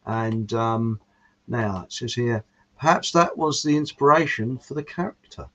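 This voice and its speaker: A man's voice: mid-range voice, measured pace, bright, forceful tone. A man hosting a casual chat, reading out viewer comments in a rambling way and chuckling at his own jokes. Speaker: show host. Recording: muffled lo-fi audio.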